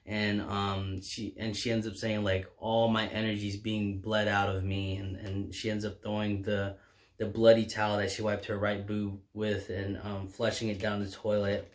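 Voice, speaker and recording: A man's voice: fairly low pitch, monotone, moderate pace. A man casually recapping a horror comic as a reviewer, rambling along with lots of fillers and restarts. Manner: rambling, filler-heavy retelling.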